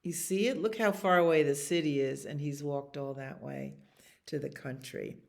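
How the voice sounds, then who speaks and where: A woman librarian reading a picture book aloud to children in an animated, expressive way. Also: low-pitched, normal speed, creaky.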